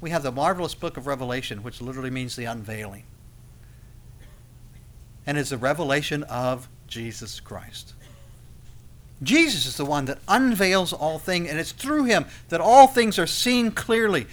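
A man preaching a sermon, swinging between loud emphasis and soft, intimate passages. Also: a little high, lively intonation, normal speed.

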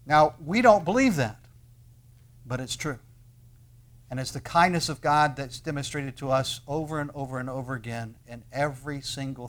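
Earnest preaching man with dramatic pauses. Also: medium pitch, fairly bright tone. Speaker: pastor. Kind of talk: sermon.

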